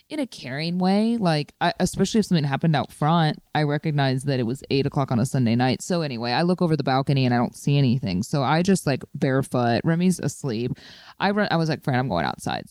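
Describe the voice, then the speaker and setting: Chatty animated woman. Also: low voice, fast, no echo, studio quality. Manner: chatty, animated, lots of "like" fillers. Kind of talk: casual storytelling.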